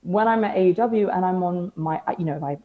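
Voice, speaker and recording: A woman's voice: lowish voice, brisk, narrow, tinny audio, a little hiss or hum. A young British woman chatting as a podcast guest, telling stories with dry, self-mocking humor and acted-out quotes. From Britain. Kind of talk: casual interview chat.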